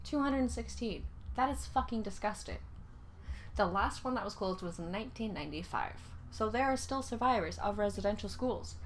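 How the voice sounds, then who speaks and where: A young woman from Canada giving casual reaction commentary, often pausing and searching for her words. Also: medium pitch, expressive, a little hiss or hum. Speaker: reaction video host.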